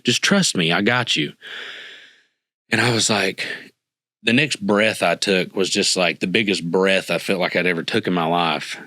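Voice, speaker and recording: Earnest man with a low, forceful voice. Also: moderate pace, no echo. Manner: earnest, emotional, acts out quoted dialogue. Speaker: podcast guest. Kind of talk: personal storytelling in a podcast interview.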